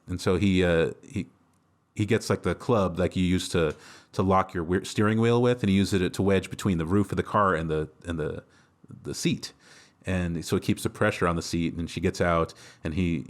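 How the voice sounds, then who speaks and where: Low-voiced man rambling through a movie recap. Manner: rambling recap with many fillers and laughs. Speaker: podcast co-host. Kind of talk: casual movie recap chat.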